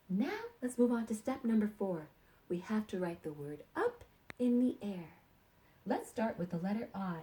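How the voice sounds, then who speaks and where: A woman teaching sight words to young kindergarten children in a slow, encouraging sing-song way. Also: a little high, mellow.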